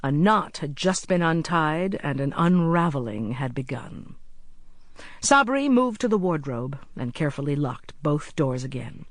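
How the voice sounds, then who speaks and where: An audiobook narrator reading a mystery in a measured way, slowing down at tense moments. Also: medium pitch, lively intonation, no echo, clean studio sound. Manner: measured, slows for tension. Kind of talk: scripted narration.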